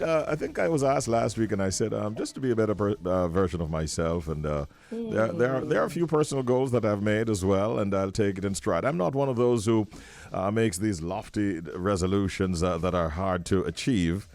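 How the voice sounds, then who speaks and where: A man's voice: on the low side, animated, normal speed, gravelly, a little mellow. A man with a Jamaican accent hosting a morning radio show, chatting casually in an upbeat way. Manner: upbeat, chatty, laughs often.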